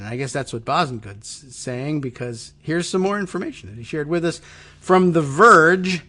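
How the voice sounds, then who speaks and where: A man's voice: on the high side, expressive, moderate pace, bright, forceful tone. A man hosting a talk podcast, giving sardonic, rambling commentary on the news with frequent fillers and restarts. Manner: sardonic, musing, many ums and restarts. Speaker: podcast host.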